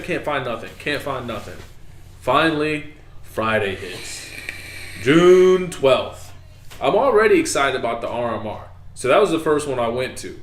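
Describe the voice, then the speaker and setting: Animated man telling a story in an echoey room. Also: mid-range voice, normal speed. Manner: animated storytelling, acting out his own reactions. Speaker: podcast co-host. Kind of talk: casual podcast chat.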